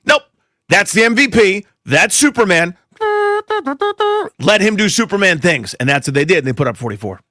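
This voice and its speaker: A man co-hosting a sports radio show, giving animated, exasperated and sarcastic takes. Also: sits high, normal speed, no room sound, clean studio sound. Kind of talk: opinionated sports banter.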